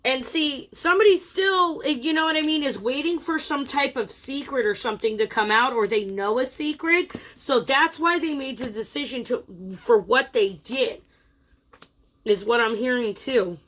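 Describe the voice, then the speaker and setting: A woman's voice: sits high, normal speed, fairly bright tone. A woman giving a casual tarot reading in a playful, teasing, chatty way. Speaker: tarot reader.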